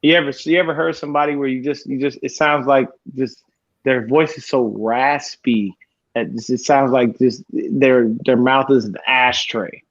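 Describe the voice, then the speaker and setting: A man's voice: mid-range voice, fairly even intonation, moderate pace, no echo, muffled recording. A man co-hosting a sports podcast, talking casually with lots of swearing and fillers. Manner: profane, rambling, many fillers. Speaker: podcast co-host.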